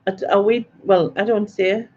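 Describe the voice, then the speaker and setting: A woman's voice: medium pitch, steady tone, normal speed, darkish tone, lo-fi sound. A woman hosting a live quiz stream, chatty and self-mocking, laughing often as she reads out viewer comments. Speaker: quiz host.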